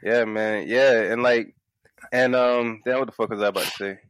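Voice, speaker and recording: A man co-hosting a casual sports podcast, laughing often and telling stories with animated quoted voices. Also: moderate pace, clean tone, dry recording. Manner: laughs often, tells stories with high-pitched acted quotes. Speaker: podcast co-host.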